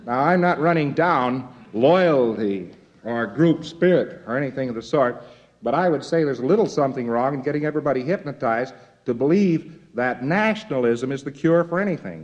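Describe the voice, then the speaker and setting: A man's voice: mid-range voice, highs cut off. A man from the United States giving a lecture in a folksy, wry way with jokey asides.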